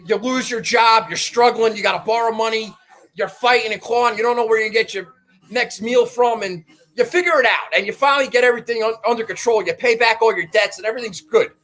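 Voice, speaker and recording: A man hosting a golf betting show, ranting defiantly and swearing, swinging from low muttering to shouts. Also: rough recording. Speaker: golf betting podcast host. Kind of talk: fired-up monologue.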